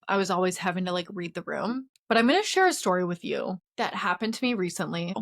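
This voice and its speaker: A woman's voice: lowish voice, animated, quick pace, creaky. A woman hosting a podcast, giving a casual spiritual wellness lesson mixed with personal stories, in an earnest and open conversational way. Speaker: podcast host.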